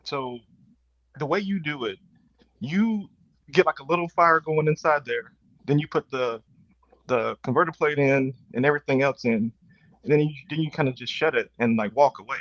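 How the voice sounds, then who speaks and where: A man's voice: a little high, normal speed, a bit bright, no echo, highs cut off. A man calling into a live stream, explaining his point in a casual way and often restarting his words. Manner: hesitant, repeats words while making a point. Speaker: guest caller on the stream. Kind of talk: casual chat.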